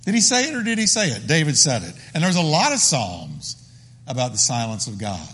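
A man's voice: high voice, big pitch swings, a little fast, a bit bright, long reverb tail. A man preaching a sermon as the pastor, emphatic and full of repeated phrases.

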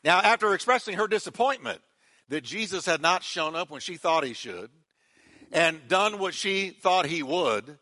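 Bright, high-voiced preaching man. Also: expressive, moderate pace. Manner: emphatic, repetitive preaching with call-and-response. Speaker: pastor. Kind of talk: sermon.

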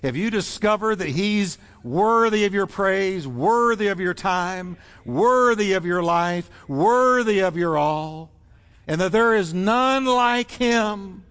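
A man's voice: high-pitched, animated, slow pace, fairly bright tone. A man preaching a sermon as pastor, fervent and rhythmic, building repeated phrases. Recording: long reverb in a large hall.

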